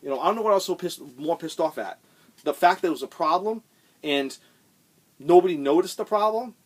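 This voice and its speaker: A man's voice: fairly high pitch, animated, a little fast. A middle-aged man hosting his own vlog, telling a story in a heated, rambling rant, swearing often and repeating himself as he gets worked up. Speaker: channel host.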